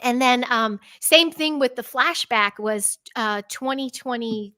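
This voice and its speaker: A middle-aged woman from the Chicago area shares personal stories as a podcast guest. She speaks in a fairly high, lively voice and laughs often. Her voice sounds dry and close. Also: a little slow, no echo. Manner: animated, laughs often, acts out her own past words in a bright high voice. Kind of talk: personal storytelling in a conversational interview.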